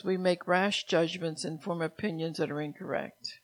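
A woman preaching a sermon, reading scripture and speaking God's words to her listeners, at times softly. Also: fairly low pitch, fairly even intonation, normal speed.

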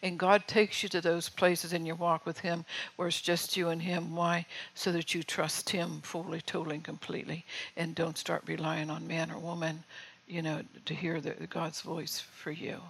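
Older woman preacher, gravelly and fairly flat in delivery, talks to the congregation conversationally and keeps checking in. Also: low-pitched, moderate pace, a little hiss or hum, low-quality recording. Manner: conversational, often checks in with the listeners. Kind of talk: sermon.

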